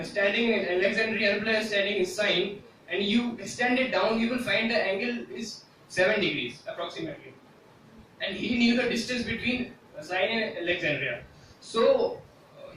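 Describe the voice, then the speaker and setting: A man with a fairly high voice gives a presentation, pausing often with "uh" as he explains. He is picked up from a distance in a very echoey room. A faint noise sits behind him. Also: sharp tone. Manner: hesitant, frequent "uh" fillers, explanatory. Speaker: student presenter. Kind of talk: classroom presentation.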